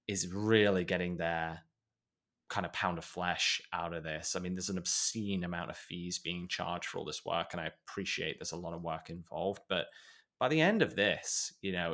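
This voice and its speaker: Low-pitched male co-host, exasperated and emphatic, casual podcast commentary. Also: a bit bright.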